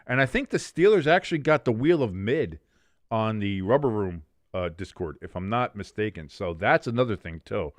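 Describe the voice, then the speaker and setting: A man hosting a casual sports preview, running through his picks in an animated, jokey, chatty way. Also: lowish voice, normal speed, dry recording, studio quality. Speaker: sports show host.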